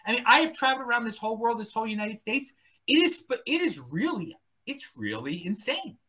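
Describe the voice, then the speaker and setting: A man's voice: very high-pitched, a little fast. A man from Baltimore County with a Baltimore accent, talking as a podcast guest in opinionated casual chat, rambling and restarting his sentences. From Baltimore County, Maryland. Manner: rambling, animated, repeats words and restarts.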